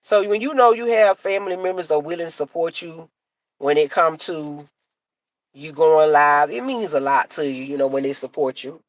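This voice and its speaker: A woman's voice: deep voice, expressive, moderate pace, dry recording. A middle-aged woman chatting casually to her live-stream viewers, repeating herself and laughing easily. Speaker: live-stream content creator.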